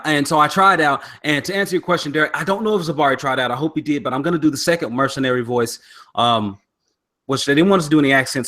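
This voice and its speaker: A young man co-hosts a podcast in a relaxed, chatty way. His voice sounds bright and forward, with a mid-range pitch. He talks easily and turns to listener comments as he goes. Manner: laid-back, chatty, reads listener comments. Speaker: podcast co-host. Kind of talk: casual podcast chat.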